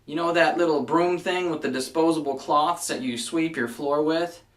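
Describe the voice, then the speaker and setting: A man's voice: a little high, normal speed. Chatty man in an echoey room. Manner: chatty, wry, fond of mild exasperation. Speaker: vlogger. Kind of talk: casual list video. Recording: echoey room, somewhat far from mic.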